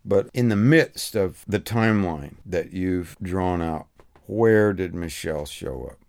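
Deep gravelly man hosting an interview. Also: measured pace, darkish tone. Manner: brief affirming murmurs, light joking. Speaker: podcast host. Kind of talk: interview questions and short backchannels.

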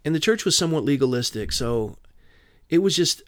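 Man, interview guest, brisk earnest storyteller, dry close mic. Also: fairly high pitch, animated, no echo. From Southern California. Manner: earnest storyteller, quotes dialogue. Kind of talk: personal testimony in an interview.

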